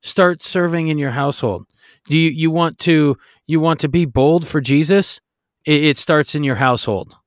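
A man's voice: a little high, normal speed, dry recording, studio quality. A man co-hosting a faith-based podcast, talking in an earnest, exhorting way with frequent restarts. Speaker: podcast co-host.

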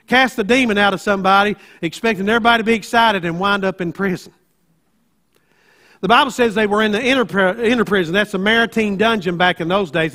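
A male pastor preaching a sermon, moving from conversational teaching into loud, emphatic preaching. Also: sits high.

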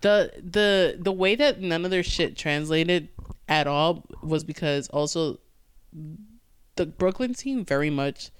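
A woman's voice: lowish voice, slow, smooth, dry recording, clean studio sound. A woman comedian telling stories on a podcast, swearing freely and acting out what audiences said. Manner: animated storyteller, swears freely, acts out crowd quotes. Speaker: comedian guest. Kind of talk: casual podcast chat.

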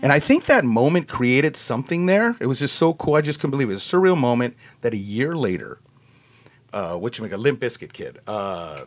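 Husky socal guy spinning a story, voice jumps all over, says like a lot. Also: fairly quick. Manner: acts out quotes in a high excited voice, lots of "like" and "you know". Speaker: podcast guest telling a story. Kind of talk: animated storytelling.

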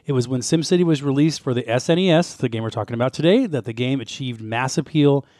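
A man co-hosts a casual podcast, talking quickly through history notes and breaking into laughs now and then. His voice sits at a middle pitch. The sound is dry and close. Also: darkish tone, no echo. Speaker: podcast co-host.

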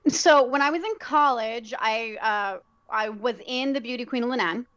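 A woman with a fairly high voice talks casually as a guest, reflective and a little halting, full of ums as she finds her words. The recording is muffled and lo-fi. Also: a bit bright. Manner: reflective, searching for words with many fillers. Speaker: guest, theater director and actor. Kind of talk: casual conversation. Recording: dull lo-fi sound.

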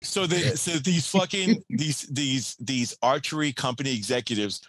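A man's voice: mid-range voice, expressive, normal speed, fairly bright tone, no room sound. A man on a podcast in a fiery, profane comedic rant, laughing between lines. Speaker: guest podcaster.

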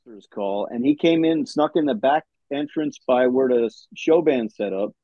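A man, a military veteran, telling profane, animated stories about his old unit in casual chat over a dull, lo-fi call. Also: mid-range voice, normal speed, no echo. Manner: animated, profane, laughing storyteller. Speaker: veteran guest. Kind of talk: casual storytelling.

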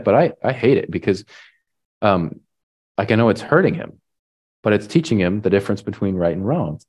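A man preaching a sermon in a relaxed, conversational way, often tagging on "right?" and pausing with fillers. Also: mid-range voice. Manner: halting restarts and fillers. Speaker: pastor.

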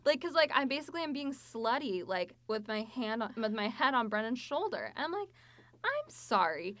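A woman chatting casually about a book and telling a story, full of fillers and lively asides. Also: on the high side, normal speed, no room sound.

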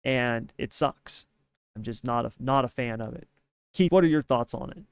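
A man's voice: mid-range voice, normal speed, gravelly, clear, resonant tone, no echo, clean studio sound. A man co-hosting a podcast in casual opinion chat, emphatic and ranting, often tagging his points with "right?". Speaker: podcast co-host.

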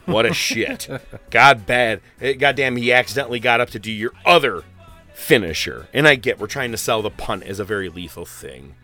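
A man's voice: medium pitch, lively intonation, normal speed, pushed and bright, faint music behind. Rambling, cursing male podcast host. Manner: rambling and profane, with fillers and laughs. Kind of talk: casual podcast chat.

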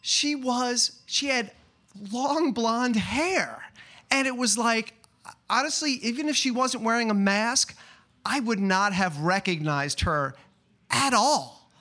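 A man telling a personal story at a live open-mic event, chatty and excitable, full of fillers and restarts. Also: very high voice, takes it slowly.

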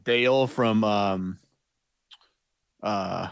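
A man co-hosting a podcast, chatting casually with many pauses and fillers. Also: fairly low pitch, gravelly, smooth, no room sound. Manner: chatty, hesitant, lots of fillers. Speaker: podcast co-host. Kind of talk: casual chat.

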